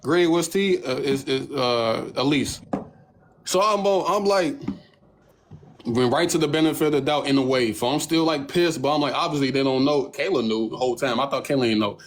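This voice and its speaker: Heard over slight background noise, a young man with a mid-range voice speaks at a normal speed while hosting a livestream on his phone. His story comes out casual and animated, heavy on swearing, as he mocks other people by acting out their lines.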